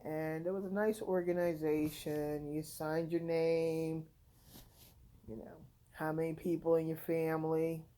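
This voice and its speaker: A tired woman from the United States tells her own story to the camera from home. Her voice sits low and sounds warm and mellow. She rambles frankly, in a loose, conversational way. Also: little pitch movement, measured pace, low-quality recording. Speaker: content creator. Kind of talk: casual vlog storytelling.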